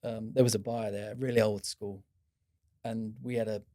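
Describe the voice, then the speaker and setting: A man's voice: lowish voice, normal speed. A middle-aged man, a former procurement executive, speaks as a guest in a podcast interview and tells anecdotes with many restarts. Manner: animated storyteller, many restarts.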